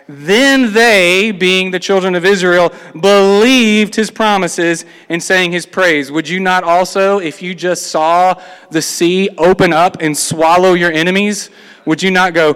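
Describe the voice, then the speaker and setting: A man's voice: high-pitched, steady tone, unhurried, fairly bright tone, clear, resonant tone. A man preaching a sermon, reading scripture aloud and acting out the complaints of the people in between. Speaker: pastor. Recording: long hall reverb.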